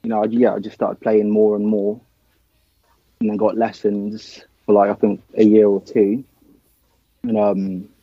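A young man from Nigeria chats about his drumming in a low, level voice, loose and filler-heavy. The sound is dry and a little dull, like a remote call. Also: unhurried, pauses often, dry recording. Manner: relaxed, filler-heavy, says man and dude. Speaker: band drummer. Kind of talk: casual interview chat.

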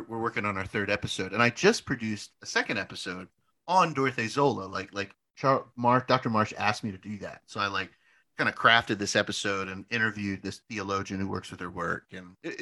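A man's voice: lowish voice, pushed and bright. A young man in a casual podcast chat, telling a long story with lots of restarts, "like" fillers and casual swearing. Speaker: podcast co-host.

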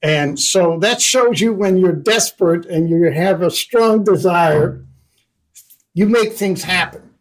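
An older man from the Netherlands spins a personal story for an interviewer. His voice sits high, and he slips into the lines of each person he quotes as he goes. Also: takes it slowly, rough recording. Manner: animated storyteller who acts out dialogue. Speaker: guest investor.

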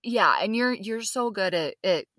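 Woman podcast co-host, bright and animated storyteller, close dry recording. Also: mid-range voice, measured pace, no echo. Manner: animated storytelling, acts out quoted lines, swears casually. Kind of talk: casual chat.

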